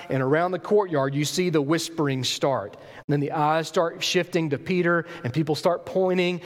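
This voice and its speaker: A preacher in a reverberant hall. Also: male voice, medium pitch. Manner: storytelling, acts out the Bible scene with voices. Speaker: pastor. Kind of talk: sermon.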